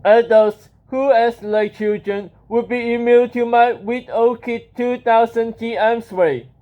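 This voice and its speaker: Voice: medium pitch, steady tone, a little slow, close to an everyday voice. A storybook reader voicing a sinister, scheming villain, in a dull lo-fi recording.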